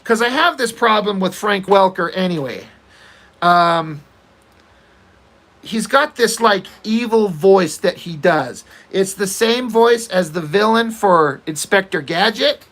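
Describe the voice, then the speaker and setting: Slow, ranting male artist. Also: high voice, expressive, fairly bright tone. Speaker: artist working on a comic page. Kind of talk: casual rambling chat while drawing.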